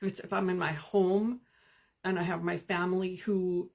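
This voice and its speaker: A woman hosting a live stream as a spiritual coach, speaking in calm, gentle, meditative guidance with pauses and answering viewer comments. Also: fairly low pitch, gravelly.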